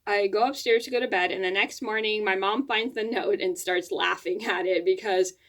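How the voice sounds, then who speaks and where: A woman's voice: mid-range voice, fairly even intonation, normal speed, a bit bright. A woman vlogger telling a personal story to camera at home, rambling, with frequent restarts and fillers.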